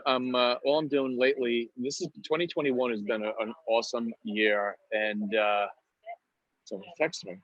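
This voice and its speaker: Brief: New York comic guest, animated storyteller, dry close room, slightly dull lo-fi sound. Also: male voice, mid-range voice, no room sound. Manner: acts out prank calls in put-on voices, laughs often. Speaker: comedian guest. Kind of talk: casual podcast interview, storytelling.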